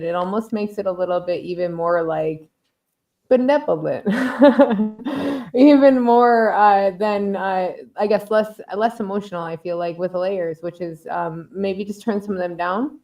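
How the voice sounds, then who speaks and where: A woman's voice: mid-range voice, fairly even intonation, normal speed, few pauses. Giggly woman giving mix feedback. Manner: hesitant, laughs often, many fillers. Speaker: music critique panelist. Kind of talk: casual review chat.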